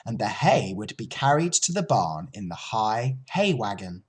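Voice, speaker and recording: A male teacher reading a children's novel aloud to his class, with expressive storytelling. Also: husky. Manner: expressive storytelling, lively pitch.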